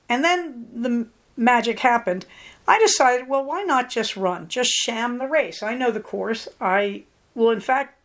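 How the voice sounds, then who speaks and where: A middle-aged woman hosting her own podcast, chatting through a personal story and acting out the lines people said. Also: medium pitch. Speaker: podcast host. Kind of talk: casual personal monologue.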